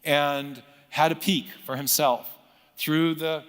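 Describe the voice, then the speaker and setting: A middle-aged man calmly explaining science history, measured and lecturing, with frequent self-corrections. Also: fairly high pitch, clear, resonant tone, long reverb tail. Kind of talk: recorded interview clip, storytelling explanation.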